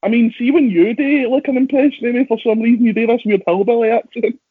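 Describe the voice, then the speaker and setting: Give me a young Scottish man with a husky voice chatting loosely, recorded dry and lo-fi. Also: very high voice, dry recording. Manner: rambling, self-deprecating, quick asides. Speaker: professional wrestler. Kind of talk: casual podcast chat. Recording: dry, phone-like lo-fi audio.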